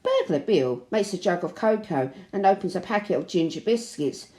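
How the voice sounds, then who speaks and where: A woman reading a children's picture book aloud in an expressive, animated way. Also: lowish voice, moderate pace. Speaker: storybook reader. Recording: roomy echo.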